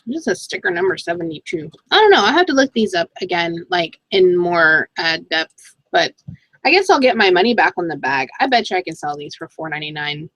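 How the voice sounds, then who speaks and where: A middle-aged woman chatting casually in a thrift haul vlog, excitable and talking to herself as she goes through her finds. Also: on the low side, brisk, no echo, low-quality recording. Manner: chatty, excitable, talks to herself while browsing items. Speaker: thrift reseller vlogger.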